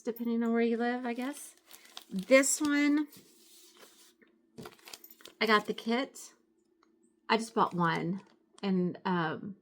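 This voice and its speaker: A woman's voice: medium pitch, unhurried, pauses often, bright, forceful tone. A middle-aged woman chatting casually at home as she shows off her craft supplies, rambling a little and correcting herself as she goes. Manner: chatty and rambling, with frequent fillers and self-corrections. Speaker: craft vlogger. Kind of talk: casual show-and-tell chat.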